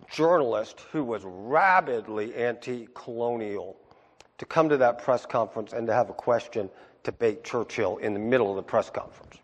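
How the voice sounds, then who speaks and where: A man preaching a sermon as pastor, moving from low asides to high, emphatic peaks. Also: long reverb tail.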